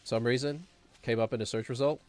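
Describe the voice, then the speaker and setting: A man's voice: mid-range voice, fairly even intonation, fairly quick. A man streaming a game, rambling and sarcastic, chuckling as he talks. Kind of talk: casual gameplay commentary.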